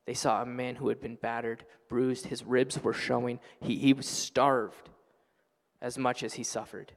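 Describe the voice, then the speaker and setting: A man preaching a sermon as pastor, earnest and passionate, building to loud exclamations. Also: mid-range voice, level tone, a little slow, gravelly, long reverb tail. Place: church sanctuary.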